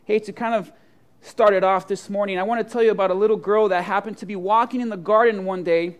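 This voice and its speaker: A preacher giving a sermon and telling a story with dramatic swings from soft to loud. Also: medium pitch, fairly even intonation, quick pace.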